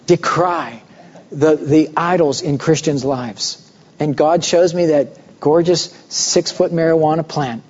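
A man preaching a sermon, telling a personal story with animated voices for the people in it. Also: a little high. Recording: muffled recording with long hall reverb.

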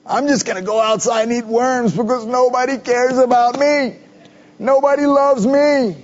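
A man's voice: very high voice, fairly even intonation, normal speed, voice pushed up. A man putting on a whiny, self-pitying grown man. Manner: whining, sulky. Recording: dull lo-fi recording.

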